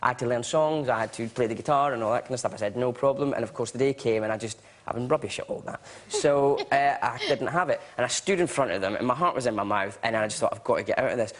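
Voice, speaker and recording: A man telling an animated anecdote as a chat show guest. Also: mid-range voice, fast, hardly any pauses. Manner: animated, laughing storyteller. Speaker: guest actor.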